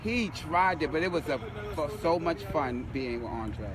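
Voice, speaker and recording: A man's voice: fairly high pitch, animated, normal speed, a crowd in the background. A man chatting casually and teasing on a live stream outdoors in a city. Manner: playful and teasing, laughs often.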